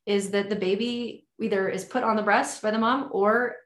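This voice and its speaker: A woman's voice: medium pitch, steady tone, normal speed. A woman talking in a casual podcast conversation as a birth educator, enthusiastic and effusive. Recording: echoey room.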